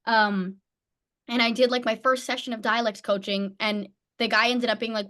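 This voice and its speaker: A young woman from New Jersey, an actor guest chatting casually in an interview, bubbly and quick to laugh. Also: on the high side. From New Jersey, USA. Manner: bubbly, laughs often, lively quoted asides.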